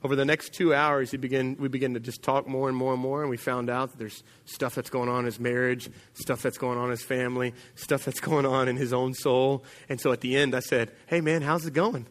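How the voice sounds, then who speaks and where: A pastor preaching a sermon in a church, telling a story conversationally and dropping to a quiet voice for emphasis. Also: male voice, mid-range voice, level tone, a little fast, hardly any pauses, in a large hall.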